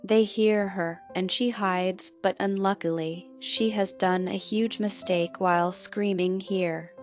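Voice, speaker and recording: A woman narrates a film recap in a scripted, measured delivery, taking her time over each line. Her pitch sits at an ordinary middle height. Soft music runs quietly underneath her voice. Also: steady tone. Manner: slow, measured reading of plot events and quotes.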